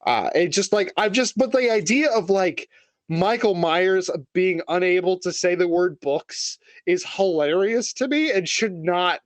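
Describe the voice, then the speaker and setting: A man's voice: sits high, expressive, measured pace, no room sound. A man co-hosting a podcast, chatting casually with amused, rambling asides. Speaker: podcast co-host.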